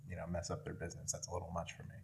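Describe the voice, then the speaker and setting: A man's voice: low voice, monotone, very fast, gravelly, a little mellow, slight background noise. A man co-hosting a podcast, chatting casually and chuckling at himself. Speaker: podcast co-host. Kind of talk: casual chat.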